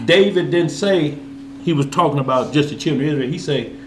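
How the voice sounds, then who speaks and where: A man hosting a Bible discussion, telling stories in a lively, casual way. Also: on the high side, a little fast, reverberant, slight background noise. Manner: lively storyteller, casual vernacular. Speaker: Bible study host. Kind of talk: animated scripture discussion.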